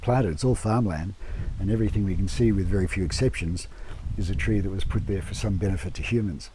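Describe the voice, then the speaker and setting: A man who runs an eco lodge, talking casually in an interview, relaxed and unhurried with many fillers and restarts, speaking indoors at home. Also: low voice, noisy background. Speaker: eco lodge owner and permaculture gardener.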